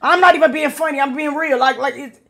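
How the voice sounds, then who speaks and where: A woman's voice: sits high, fast, a bit bright. A woman hosting a reaction channel, talking bluntly and profanely to her viewers as she reacts to a video. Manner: blunt, profane, talks straight to her chat. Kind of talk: casual reaction commentary to a video.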